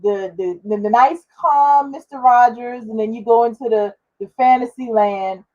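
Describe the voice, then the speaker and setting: Lady on the panel chiming in, laid back, bit high voice, muffled call sound. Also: moderate pace. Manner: relaxed, chiming in with commentary. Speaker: podcast panelist. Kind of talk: casual chat.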